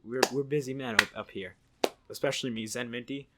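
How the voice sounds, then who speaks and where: A man's voice: mid-range voice, brisk, background noise. A man telling a story in a casual vlog, rambling, swearing and laughing as he goes. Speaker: YouTube storyteller.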